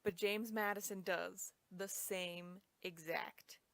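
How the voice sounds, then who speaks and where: A woman's voice: lowish voice, fairly even intonation, slow, creaky, fairly bright tone, no echo. A young woman casually retelling a history story, chatty and full of fillers. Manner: chatty, lots of "like".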